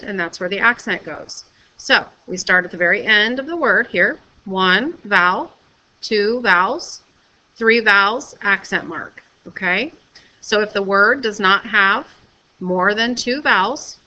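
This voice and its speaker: Woman, teacher, recorded video lesson, patient step-by-step explaining, keeps checking "okay?", bright tone. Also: mid-range voice, rough recording.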